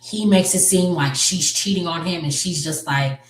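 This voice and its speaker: Low-voiced woman rambling a recap. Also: normal speed. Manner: rambling, with many fillers and self-corrections. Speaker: movie recap storyteller. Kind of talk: casual story recap. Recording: roomy, distant mic.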